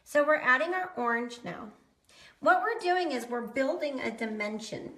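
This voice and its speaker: A woman demonstrates DIY painting in a casual how-to, chatting folksily to viewers as she works. Her high voice is animated and a bit bright at a moderate pace, with roomy echo in the recording.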